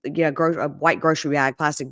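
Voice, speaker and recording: A woman's voice: low-pitched, quick pace, no room sound, studio quality. A woman hosting a podcast, chatting casually and acting out quoted lines as she recaps a reality show. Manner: animated storyteller, acts out quoted lines. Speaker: podcast host.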